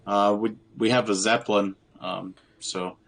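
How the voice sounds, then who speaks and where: A man's voice: lowish voice, fairly even intonation, unhurried, fairly bright tone. A man playing a tabletop game, speaking casually and hesitantly. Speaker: player.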